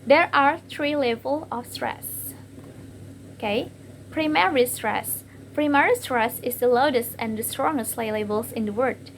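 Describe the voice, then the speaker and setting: Young indonesian woman reading her class slides, kinda high voice, stops and repeats words a lot, bit of hiss behind. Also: poor audio. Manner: halting, with frequent fillers and repeated words. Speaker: student presenter. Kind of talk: class presentation read from slides.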